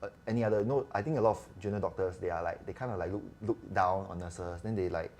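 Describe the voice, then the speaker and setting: A fast-talking man with a low-pitched voice and a Singaporean English accent tells stories as a doctor guest in a casual podcast chat. He's chatty and animated, acting out the dialogue as he goes.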